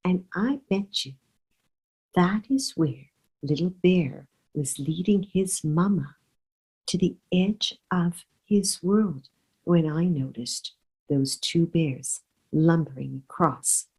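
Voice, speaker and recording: A woman storyteller narrating a children's story with an expressive, drawn-out delivery. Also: lowish voice, breathy edge, rough recording.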